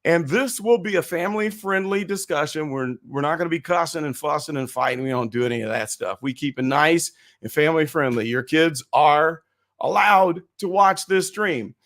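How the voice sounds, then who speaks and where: Folksy raspy man hosting a live stream. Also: fairly high pitch, normal speed, fairly bright tone. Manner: chatty, folksy, upbeat. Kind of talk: casual live stream chat. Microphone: webcam and computer mic.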